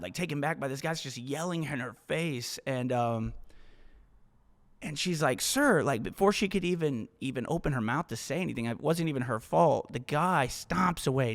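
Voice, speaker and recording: A man talks straight into the mic in a forceful, swearing, motivational style, circling back over his points. His voice sits at an ordinary middle pitch. A long reverb tail trails after his words. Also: normal speed. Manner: emphatic, profane, repeats himself. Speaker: podcast host. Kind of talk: motivational podcast monologue.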